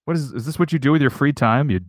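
A man co-hosting a podcast, excitable and rambling in jokey casual chat. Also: mid-range voice, fast talker, no room sound. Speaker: podcast co-host.

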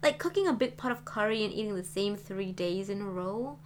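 A frank, talkative young woman chatters away in a lively way, as a woman reader voices her. Her voice sits at a plain middle pitch. It suits an audiobook read at home. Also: brisk, a little hiss or hum, natural voice. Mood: chatty. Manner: animated, talkative. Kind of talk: audiobook reading.

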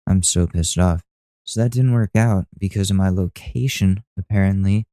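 A young man vents on his podcast with plenty of swearing and exasperated asides. His voice sits a little low and sounds dark and mellow. The sound is dry and close, with no room around it. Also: moderate pace, no room sound. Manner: profane, exasperated, ranting. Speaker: podcast host. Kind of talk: casual rant to camera.

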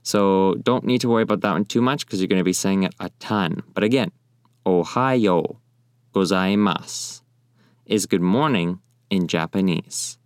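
A young man teaching in a friendly, casual way, often repeating phrases slowly. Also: low-pitched, no echo, clean studio sound. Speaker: language teacher. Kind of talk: casual spoken lesson.

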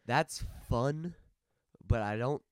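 A man's voice: medium pitch, takes it slowly, smooth, no room sound, studio quality. A young man co-hosting a podcast in easygoing, jokey casual chat. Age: young adult. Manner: easygoing, jokey, rates things out loud. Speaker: podcast co-host.

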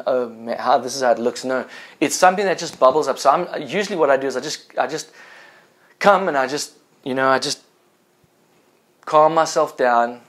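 Soft-spoken conversational male pastor. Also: medium pitch. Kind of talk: informal online sermon.

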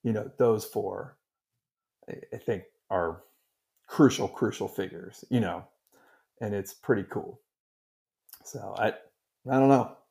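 A middle-aged man co-hosting a casual sports podcast, animated and rambling with frequent restarts. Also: lowish voice, slow, gravelly, pauses often. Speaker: podcast co-host.

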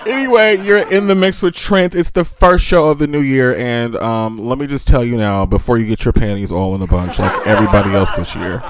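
A man's voice: mid-range voice, brisk, few pauses, a crowd in the background. A man in his forties hosting his own radio show in a casual monologue, profane and exasperated, laughing often.

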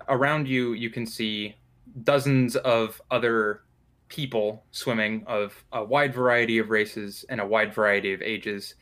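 A man's voice: on the low side, a bit bright. A man narrating a tabletop role-playing game as game master, in a loose, descriptive way with frequent fillers.

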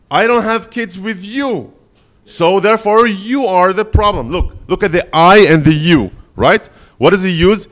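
Animated man giving a Torah lesson. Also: a little high. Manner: animated, asks the audience questions and answers them. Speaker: rabbi teaching the weekly Torah portion. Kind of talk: lively sermon.

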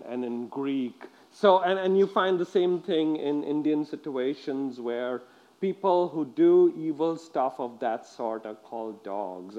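A man preaching a sermon to a congregation, lively and repetitive, often asking his listeners questions and stumbling over repeated words. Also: a little high, muffled recording.

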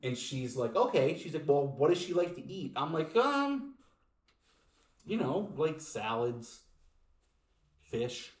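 A man's voice: fairly high pitch, takes it slowly, long pauses, echoey room. A man hosting a podcast, chatting casually, with joking asides and swearing. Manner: animated, swearing, jokey. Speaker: podcast host.

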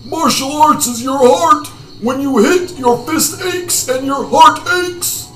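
A man voicing a stern old male martial arts master who scolds and shouts, heard from a distance in an echoey room. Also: very high voice, slow pace, voice pushed up, heavily acted. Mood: scolding.

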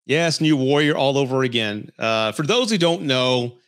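A man's voice: medium pitch, lively intonation, normal speed, fairly bright tone, smooth. Profane, heated male podcast host. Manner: blunt and profane, laughs often; heated, scolding delivery. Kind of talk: casual dating-advice rant.

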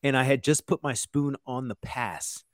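A man in his thirties who works as a chef tells stories in a relaxed, rambling way. His talk is full of "like" and "you know," with some swearing. His voice sits at an ordinary pitch for a man and sounds dry and close to the mic. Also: normal speed, no echo. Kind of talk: casual storytelling chat.

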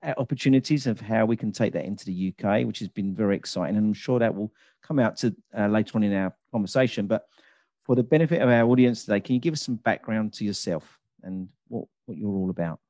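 A man's voice: on the low side, fast, mellow, dry recording. A man hosting a podcast interview over a video call. He opens with a formal welcome and then moves into easy banter. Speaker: podcast host.

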